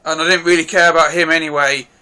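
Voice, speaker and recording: A man with a high voice talks through a film review in a loose, rambling way. His tone is bright and forward. He is blunt, swears casually, and keeps hedging in case he has missed something. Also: level tone, fast, clear, resonant tone. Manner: rambling, frank, apologetic hedging.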